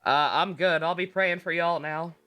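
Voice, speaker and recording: A young woman live-streaming a game, chatting casually, excitable and emotional, with lots of laughing and swearing. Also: lowish voice, moderate pace.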